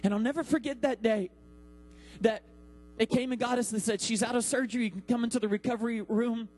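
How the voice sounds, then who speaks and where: A man in his thirties preaches a sermon from the pulpit in a very high voice. He builds his points with dramatic pauses and acts out the quotes he tells. A mains hum runs faintly under the recording. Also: fairly even intonation, a little mellow, low-quality recording. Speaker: pastor.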